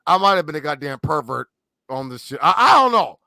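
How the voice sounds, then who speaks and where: A man with a gravelly, bright, somewhat high voice tells crude stories in casual talk. He is animated and profane, and he gets loud when he acts out what people said. The sound is close and dry. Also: brisk, dry recording, rough recording.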